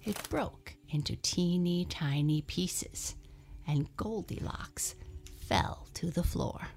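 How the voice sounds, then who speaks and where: A woman reading a children's storybook aloud, slow and expressive, dropping into soft breathy asides. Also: lowish voice, whispered.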